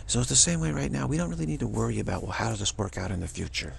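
A man giving a casual spiritual talk to camera, rambling and repeating himself with halting restarts. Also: lowish voice, expressive, vocal fry, a little mellow, a little hiss or hum. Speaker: spiritual vlogger.

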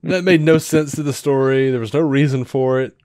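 A man co-hosting a podcast, talking through a show review in a rambling, animated way with lots of fillers and restarts. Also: mid-range voice, fairly quick, no echo, clean studio sound. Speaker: podcast co-host. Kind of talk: casual review chat.

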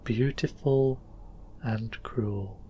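A man doing a gentle, dreamy young noblewoman. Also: mid-range voice, moderate pace, soft background music, natural voice.

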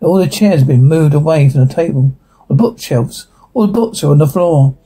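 A man's voice: fairly high pitch, moderate pace, mellow, husky. A man reading the part of an anxious middle-aged mother who pleads urgently with a priest. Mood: pleading.

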